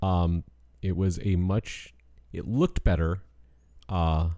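A podcast co-host chats casually, rambling with lots of fillers and restarts. His low-pitched voice is warm and steady, and he speaks slowly. The sound is dry and studio-clean.

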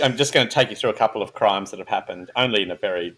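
A man's voice: lowish voice, very fast, a bit bright. A man hosting a casual true-crime chat, joking and laughing between case notes. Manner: jokey, laughs often, reads case notes. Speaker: podcast host.

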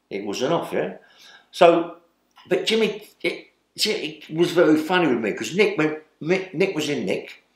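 A man's voice: medium pitch, reverberant. An older man, telling stories in a rambling way as an interview guest and tagging lines with "yeah?". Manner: rambling, tag questions like "yeah?". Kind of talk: storytelling in a sit-down interview.

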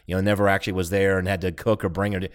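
A middle-aged man with a lowish voice chats on a podcast. He rambles through his stories, doubling back and restarting as he goes. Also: little pitch movement, rapid-fire. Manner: rambling storyteller, many restarts and asides. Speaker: podcast co-host. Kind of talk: casual chat.

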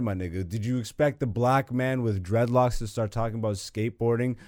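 A man's voice: mid-range voice, no echo. Rambling, profane man, dry sound. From Canada. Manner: loose, profane, self-mocking, laughs often. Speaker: podcast host. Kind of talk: casual rambling chat while gaming. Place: home room with a gaming setup.

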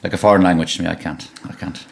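Deep-voiced man with a Donegal accent. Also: rapid-fire, vocal fry, a little hiss or hum. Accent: Donegal Irish. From Ireland (Donegal). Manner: relaxed storytelling, frequent repeated words and restarts. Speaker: musician guest. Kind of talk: conversational interview.

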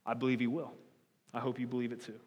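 A man's voice: medium pitch, completely flat delivery, fast, darkish tone, husky, long reverb tail. A man preaching a sermon as pastor, earnest and pleading, often restarting and repeating words as he builds his point.

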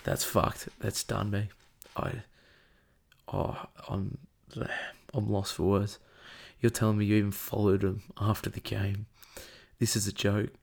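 Angry, gravelly-voiced Australian man ranting. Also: on the low side, flat delivery, a little slow, long pauses, a little mellow. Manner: angry, profane and emotional, with repeated outbursts. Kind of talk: heated commentary rant.

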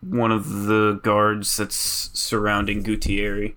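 A player in a tabletop game, speaking very slowly with hesitant pauses. The voice is bright. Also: deep voice, monotone. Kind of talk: casual play at a tabletop game.

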